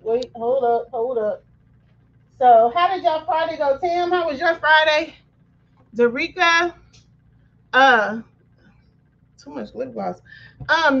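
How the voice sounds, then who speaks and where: High-voiced woman hosting a livestream. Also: fairly bright tone. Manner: chatty, greets viewers by name, apologetic about running late. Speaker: livestream craft host. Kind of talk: casual livestream chat. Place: home office. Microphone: computer mic on livestream. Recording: dull lo-fi stream audio.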